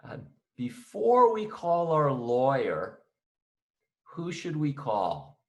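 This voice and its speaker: Slow, deliberate man teaching a lesson. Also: fairly high pitch, wildly swooping pitch. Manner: slow, acts out both sides of a phone call. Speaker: accounting teacher. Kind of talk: conversational lesson.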